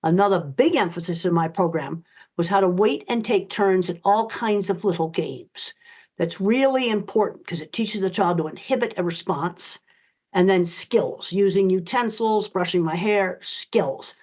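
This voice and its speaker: A woman's voice: mid-range voice, moderate pace, darkish tone. An older woman answering interview questions in a blunt, emphatic, direct way. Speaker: guest author. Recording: dull lo-fi audio.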